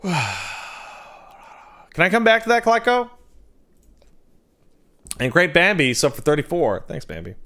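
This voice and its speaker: A man streaming a game, chatting casually and reading out donations with jokey, quick asides. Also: sits high, wildly swooping pitch, a bit bright.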